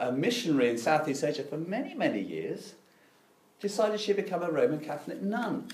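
A man's voice: fairly high pitch, a little mellow, roomy sound. A middle-aged man preaching a sermon, telling stories with dry, self-deprecating irony.

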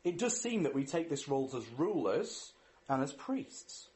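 Male preacher, slightly high voice, very animated, earnest sermon delivery. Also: moderate pace. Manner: earnest, asks rhetorical questions. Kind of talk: sermon with scripture reading and prayer.

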